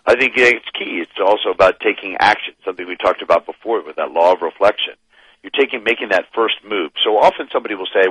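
A man talking as a guest expert in a radio interview, explaining with animated emphasis. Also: on the low side, fast, slightly rough, no echo, rough recording.

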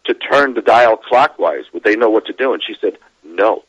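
A middle-aged man, a demographer, talking as a guest on a radio show, animated and laughing as he explains. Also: lowish voice, moderate pace, husky, no room sound, lo-fi sound. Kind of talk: radio interview.

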